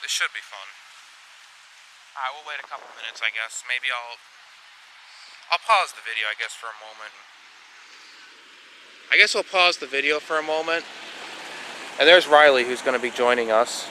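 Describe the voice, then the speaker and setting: A man vlogging a road trip on a handheld camera, rambling and repeating himself, with excitable bursts. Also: medium pitch, normal speed, pauses often, slight background noise, low-quality recording. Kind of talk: casual road trip vlog.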